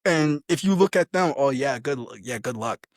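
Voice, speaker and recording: A man's voice: medium pitch, normal speed, dry recording. A young man, a soldier, chatting casually and telling stories with lots of animation and laughter. His voice sits in a middle register, and the sound is close and dry. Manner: animated, laughing, acts out quotes. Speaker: army soldier, podcast guest. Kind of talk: casual storytelling chat.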